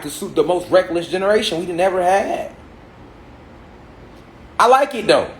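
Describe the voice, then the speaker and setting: A man's voice: high voice, slight background noise. Emphatic man lecturing in an echoey room. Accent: African American Vernacular English. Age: 30s. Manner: preachy, rhetorical questions, emphatic repetition. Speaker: speaker addressing a gathered audience. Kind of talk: spiritual lecture. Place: large room with an audience.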